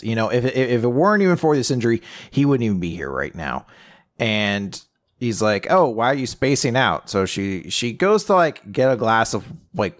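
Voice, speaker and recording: Animated man recapping a manga. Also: lowish voice. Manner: animated, quotes characters in quick put-on voices. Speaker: podcast co-host. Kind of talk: casual chat recapping a manga chapter.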